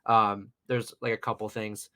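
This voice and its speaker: A young man in his twenties, appearing as a guest paranormal investigator on a podcast, tells a personal story in a chatty, rambling way packed with fillers and "you know." His voice is fairly low and sharp-toned, with little pitch movement, and he speaks unhurriedly.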